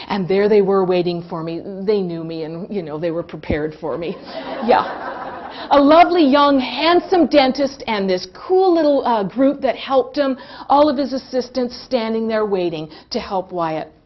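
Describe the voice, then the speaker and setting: Middle-aged woman, animated comic storyteller, fairly high voice, slightly muffled audio. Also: unhurried. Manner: animated, laughs through the telling. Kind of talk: humorous personal anecdote.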